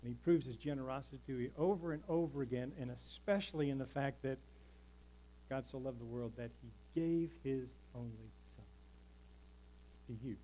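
A man preaching from the pulpit of a church. He is emphatic and rhythmic and leans on repeated lines. He calls out to the congregation for an answer. His voice sits at an ordinary middle pitch for a man. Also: moderate pace, warm tone, slight background noise, low-quality recording. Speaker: pastor. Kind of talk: sermon. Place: church sanctuary.

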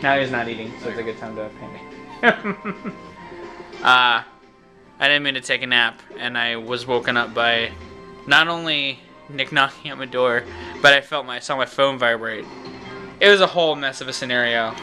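A man's voice: medium pitch, moderate pace, pushed and bright, soft background music, poor audio. A young man talking casually in a daily vlog, rambling and opinionated, swearing freely. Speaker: vlogger.

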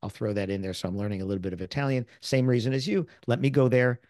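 A man's voice: medium pitch, fast talker, no echo, clean studio sound. Chatty American man telling stories. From United States. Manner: animated storyteller who acts out quoted people. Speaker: guest, sales author and speaker. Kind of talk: casual interview storytelling.

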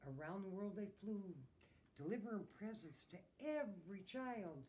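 A woman's voice: mid-range voice, moderate pace. A woman, a teacher, reading a picture book aloud to children and asking them questions. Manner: expressive, asks the listeners questions.

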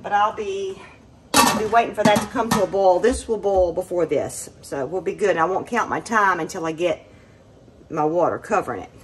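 A woman's voice: on the low side, normal speed, slight background noise. A woman chatting through a home canning demonstration in her kitchen, explaining each step as she works. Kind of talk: casual cooking demonstration.

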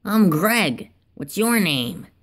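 A woman voicing Greg, a strange, old, friendly male tank engine in a homemade toy train story, gentle and welcoming. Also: lowish voice, big pitch swings, slow, pitched above the performer's own voice, full character voice.

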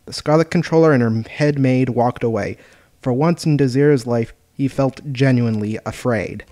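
A man's voice: medium pitch, normal speed, warm tone, no echo. Man reading a fan storybook aloud. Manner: plain reading with occasional stumbles. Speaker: narrator. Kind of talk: hobby storybook narration.

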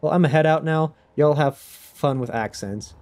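A man's voice: fairly high pitch, moderate pace, a little mellow, lightly acted. A man putting on a Southern American accent to play a hearty, folksy good ol' boy who drawls hospitably.

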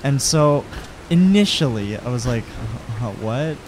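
A man's voice: mid-range voice, lively intonation, measured pace, slight background noise. A man from Canada co-hosting a let's-play, chatting casually and joking as he plays. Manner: joking, rambling, laughs often. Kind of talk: casual gameplay chat.

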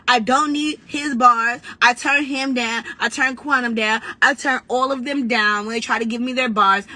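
A woman battle rapper in a brash, profane, trash-talking rant, talking casually and quickly. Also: sits high, pushed and bright. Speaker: battle rapper giving commentary.

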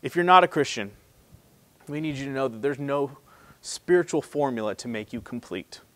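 A man preaching a sermon as pastor, talking to the congregation in a casual, conversational way, punching some phrases loudly and dropping others to a near hush. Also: medium pitch, lively intonation, moderate pace, no echo.

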